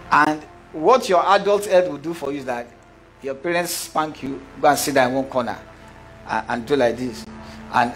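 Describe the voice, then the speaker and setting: A middle-aged man preaching a sermon, questioning his congregation and acting out little scenes. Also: fairly high pitch. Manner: animated preacher, asks the congregation questions, acts out voices. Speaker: pastor.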